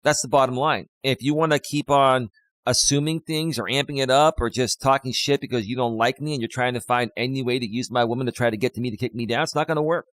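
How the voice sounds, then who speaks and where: A man's voice: mid-range voice, fast, fairly bright tone, dry recording. A man, a life coach, talking on a live stream in an impassioned, preachy way that repeats points.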